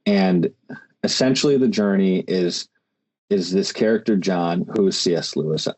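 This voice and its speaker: A man's voice: sits low, moderate pace, a little mellow. A man hosting a podcast, chatting casually and rambling with many restarts and fillers. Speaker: podcast host. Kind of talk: casual conversation.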